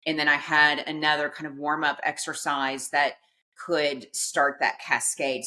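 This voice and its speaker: A middle-aged woman, a podcast guest, tells a personal story in an animated way, acting out quotes and laughing at herself. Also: sits low.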